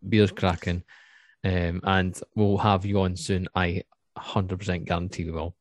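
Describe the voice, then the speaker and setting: A man's voice: sits low, level tone, measured pace, no echo. A man with a Scottish accent hosting a casual podcast, chatty and laughing as he plugs the show. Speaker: podcast host.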